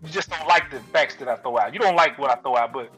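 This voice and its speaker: A male podcast co-host in a heated sports debate, loud, emphatic and trash-talking. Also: medium pitch, fast, faint music behind, rough recording.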